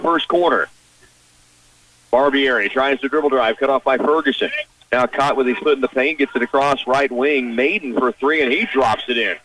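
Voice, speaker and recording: A man calls a high school basketball game for radio, firing off short play-by-play phrases that climb when a shot falls. His voice sits in a middle register and sounds set back a little from the microphone. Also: fairly bright tone. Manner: rapid clipped play calls, rising at big shots. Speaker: play-by-play announcer. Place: high school gym broadcast position. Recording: broadcast radio, mic at a distance.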